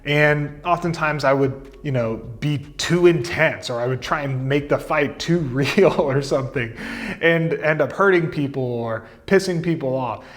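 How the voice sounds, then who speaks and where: Chatty man telling his story. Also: a little high. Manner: relaxed, chatty, frequent fillers and asides. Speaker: content marketing coach. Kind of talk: casual storytelling to camera.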